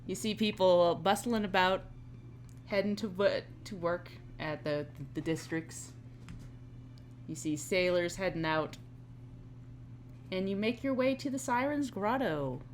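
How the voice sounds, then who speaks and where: A woman's voice: fairly low pitch, a little slow, pauses often, a little hiss or hum. A woman narrating as game master of a tabletop game, laughing often as she talks.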